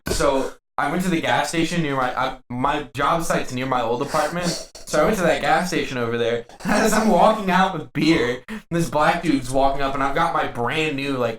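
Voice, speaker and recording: A man's voice: medium pitch, echoey room. A man hosting a podcast, telling stories casually with lots of swearing and frequent laughter. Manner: animated, profane, laughing often. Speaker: podcast host. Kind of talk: casual storytelling.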